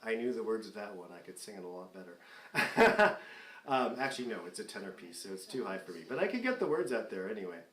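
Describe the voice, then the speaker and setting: This forty-something singer hosts a fundraising concert remotely, talking casually between songs, poking fun at himself and laughing a lot. He speaks fast in a lowish, sing-song voice with a fairly bright tone, and the room is echoey.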